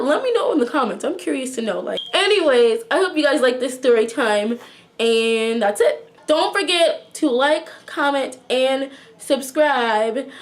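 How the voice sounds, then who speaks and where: A young woman vlogger chattily retelling a school story, acting out the quotes as she goes. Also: high voice. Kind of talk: storytime vlog.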